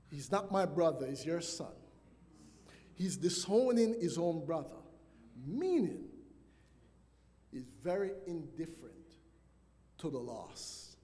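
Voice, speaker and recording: A man's voice: fairly high pitch, very animated, slow pace, pauses often, dark tone. A man preaching a sermon as pastor, asking the congregation questions and calling for responses. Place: church sanctuary. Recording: long church hall reverb.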